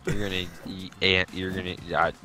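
Young man, deeper voice, blunt joker, let's-play co-host, music behind. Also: level tone. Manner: joking, blunt, quick quips. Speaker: gaming channel co-host. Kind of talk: casual let's-play banter.

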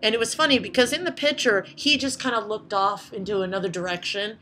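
A woman chatting casually to her vlog audience, swearing a lot as she tells animated stories. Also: medium pitch, quick pace, slight background noise. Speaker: vlogger. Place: indoors at night.

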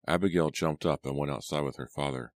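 A man narrating a spooky audiobook in a steady, measured storytelling manner. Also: rumbling low, no room sound. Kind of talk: scripted narration.

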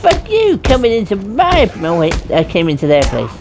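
A woman giving loud, profane, playful let's-play commentary. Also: fairly low pitch, very animated, normal speed, background noise. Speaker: gaming streamer. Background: game music.

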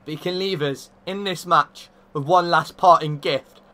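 A man commentating his own football video game, getting excitable and shouting at the big moments. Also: fairly high pitch, normal speed. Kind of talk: gaming commentary.

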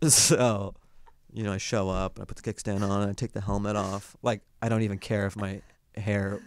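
Male comic guest, lower voice, relaxed storyteller, dry studio sound. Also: normal speed, clear, resonant tone, no room sound. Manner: laid-back storytelling, acts out quotes. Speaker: comedian guest. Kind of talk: casual podcast chat.

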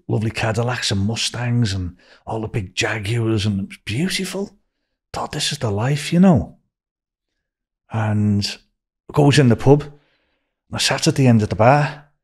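As a podcast guest, an older man from Liverpool, England, spins a rambling story in his Liverpool accent, lifting his pitch whenever he quotes someone. His tone is on the darker side.

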